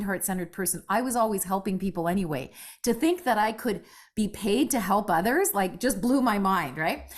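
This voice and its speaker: A woman in her fifties telling her story as a podcast guest, animated and casual, peppering her talk with "right?" and the odd swear word. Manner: animated, acts out quoted voices with big pitch jumps. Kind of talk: conversational storytelling.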